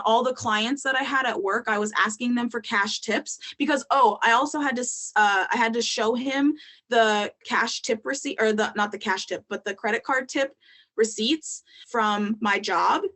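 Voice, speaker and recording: A woman's voice: a little high, normal speed, bright, forceful tone. Candid young woman telling her story. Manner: candid, frequent ums and likes. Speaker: podcast guest. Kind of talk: casual storytelling interview.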